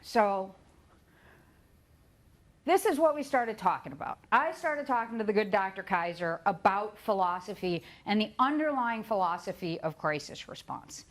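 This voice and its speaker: A middle-aged woman giving a talk, telling her own story with lively asides and acted-out quotes. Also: mid-range voice, moderate pace. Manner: lively storytelling, acts out quoted voices, laughs at herself. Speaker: conference speaker.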